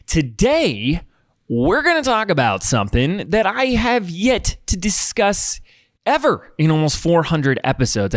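A man hosting his own podcast, talking alone in an upbeat, chatty, animated way close to the microphone. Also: a little high, dry recording. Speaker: podcast host. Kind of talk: casual solo podcast monologue.

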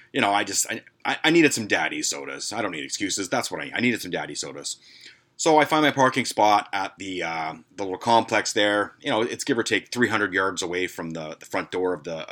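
A man's voice: low voice, bright, forceful tone. A man hosting a casual podcast, telling stories in a profane, sarcastic, self-mocking way. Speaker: podcast host.

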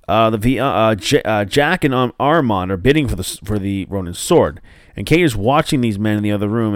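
A man talks through a TV episode recap in a loose, rambling way, full of "uh"s, restarts and the odd swear word. His voice is smooth and resonant at a middle pitch. The sound is dry and close, with no room around it. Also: dry recording. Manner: rambling, many fillers and restarts, swears casually. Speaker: show recapper.

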